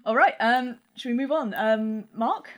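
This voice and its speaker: A woman's voice: fairly high pitch, measured pace. A woman narrating as game master in a tabletop game, casual and hesitant. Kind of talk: tabletop role-play narration.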